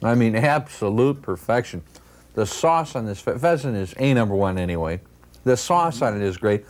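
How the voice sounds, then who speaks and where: Jovial, low-voiced man tasting food. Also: expressive, brisk. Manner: jovial, effusive. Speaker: guest taster.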